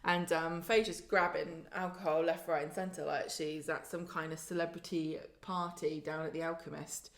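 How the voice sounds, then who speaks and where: A woman in casual chat, recapping a soap and acting out characters' lines in quick voices. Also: sits low, level tone. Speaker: podcast co-host.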